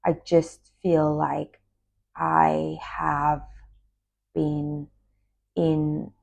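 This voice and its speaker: A woman speaks in a deep, raspy voice full of fry. She talks in a loose, reflective monologue, often trailing off into near-whispers. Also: big pitch swings, extremely slow, a little mellow, highs cut off. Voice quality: gravelly, husky low voice. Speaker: spiritual talk host, former yoga teacher. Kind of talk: casual personal monologue.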